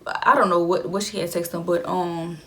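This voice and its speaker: A woman's voice: on the low side, fairly even intonation, moderate pace, a bit bright. A young adult woman casually telling a personal story to her viewers in a chatty, emphatic way. She often repeats phrases for effect.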